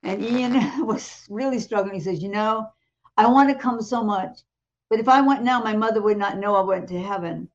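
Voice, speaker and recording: A woman co-hosting a talk show, retelling a testimony in a lively way and acting out the voices in it. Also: medium pitch, normal speed, muffled recording. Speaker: co-host. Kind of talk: animated testimony storytelling.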